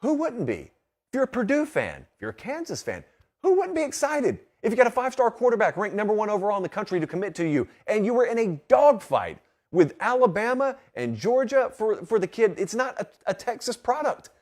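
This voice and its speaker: A man's voice: high voice, big pitch swings, a little fast, a little mellow. A man hosting a solo sports talk show in a studio, emphatic and full of rhetorical questions. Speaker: host.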